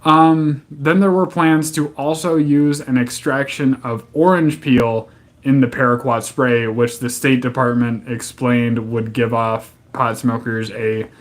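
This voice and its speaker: A man's voice: medium pitch, steady tone, takes it slowly. A man streaming live, reading to his chat and breaking into profane, exasperated rants that stay angry but joking.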